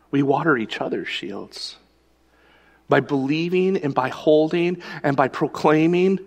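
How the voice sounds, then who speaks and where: A man's voice: mid-range voice, gravelly, in a large hall. A male pastor preaching a sermon, telling a personal story in a conversational storytelling way.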